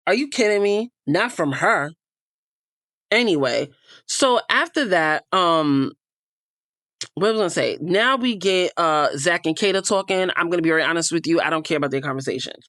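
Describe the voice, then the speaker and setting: A woman's voice: fairly low pitch, animated, normal speed, a bit bright, no room sound, studio quality. A woman hosting a casual show recap, blunt and opinionated, cursing freely as she comments. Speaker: reality show recap host.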